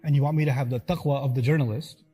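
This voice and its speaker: A man's voice: medium pitch, steady tone, very fast, mellow, breathy edge, soft background music. A man giving an earnest, emphatic sermon-style lecture to listeners. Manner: earnest, emphatic, acts out quotes. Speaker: religious lecturer.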